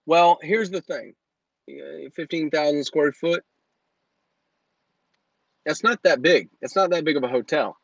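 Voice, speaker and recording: A man's voice: fairly high pitch, measured pace, creaky, long pauses, no room sound, highs cut off. A man in his thirties hosting a live Q&A as a business coach, talking in a brash, joking, motivational way into a phone. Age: 30s. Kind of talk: live Q&A stream.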